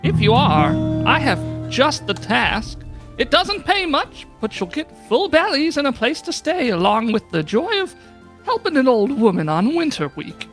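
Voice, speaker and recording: A game master voicing an older halfling woman who asks for help in a high, sweet voice. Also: sing-song, a little slow, loud music behind the voice, full character voice. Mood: kindly.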